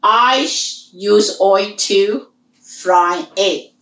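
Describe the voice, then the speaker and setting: A woman teaching a language lesson, slowly repeating sounds and words for her students. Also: a little high, lively intonation, fairly bright tone, echoey room, far from the mic, poor audio. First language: Hmong. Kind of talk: slow online language lesson.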